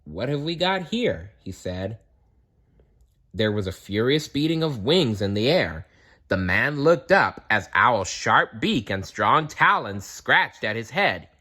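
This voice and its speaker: Slow, lively male storyteller. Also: lowish voice. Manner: slow, expressive reading with small self-corrections. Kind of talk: children's story read-aloud.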